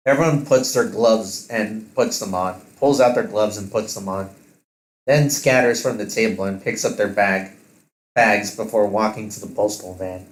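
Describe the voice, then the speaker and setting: A man's voice: fairly low pitch, normal speed, echoey room, poor audio. A man reading a second-person story aloud, stumbling and correcting himself as he goes. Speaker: narrator of an interactive story.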